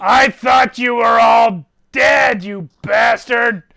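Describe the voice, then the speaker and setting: A booming, mocking ancient sorcerer, played by a man roars over the line. His voice is bright and carries a sardonic edge of command. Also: slow, vocal fry, exaggerated voice. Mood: gruff relief. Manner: bellowing, mocking. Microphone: online voice call.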